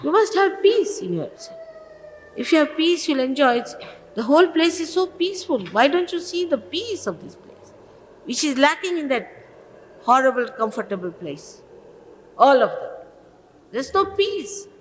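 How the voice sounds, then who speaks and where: A woman spiritual teacher delivers an emphatic, admonishing sermon. Her pitch swings widely from phrase to phrase. The old archival recording carries a long reverb and a faint background hiss. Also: very animated, normal speed, pauses often. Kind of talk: sermon to followers.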